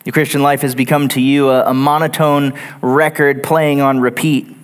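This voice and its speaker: A man's voice: mid-range voice, level tone, moderate pace, smooth. A man preaching a sermon in a church, earnest and building his points through lists and repetition. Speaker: pastor. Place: church sanctuary.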